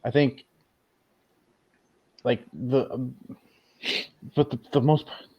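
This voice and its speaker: A man co-hosting a casual podcast chat, hesitant and thinking aloud with many pauses and fillers. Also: mid-range voice, steady tone, breathy edge. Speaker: podcast co-host. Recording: dull lo-fi recording.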